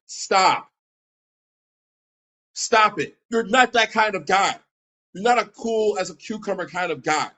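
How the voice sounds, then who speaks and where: Profane, combative man, high voice. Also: measured pace, pauses often, pushed and bright, rough recording. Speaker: streamer reacting to a video. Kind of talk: heated reaction commentary.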